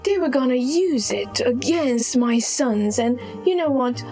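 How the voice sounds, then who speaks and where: A woman's voice: high voice, animated, a little slow, warm tone, soft background music. A woman playing a scheming queen. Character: proud queen, a mother scheming for her sons.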